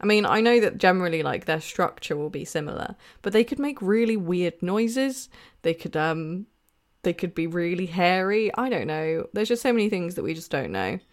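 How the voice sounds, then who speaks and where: A woman's voice: on the low side, animated, moderate pace. A woman co-hosting a podcast in casual chat, musing and playful, trailing off with hesitations. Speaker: podcast co-host.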